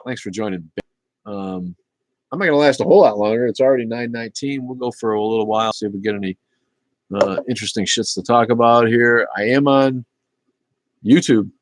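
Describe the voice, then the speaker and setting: A man's voice: medium pitch, fairly quick, dry recording. A man in his fifties hosting a casual livestream, chatting loosely with lots of fillers. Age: 50s. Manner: relaxed, rambling, with many fillers. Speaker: livestream host reading chat.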